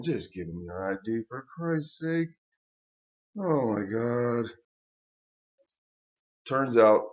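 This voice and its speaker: Older guy, mid-pitched, cursing storyteller who restarts a lot; dull lo-fi recording. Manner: rambling, profane storytelling with restarts. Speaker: channel host. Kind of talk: ranting personal story to camera.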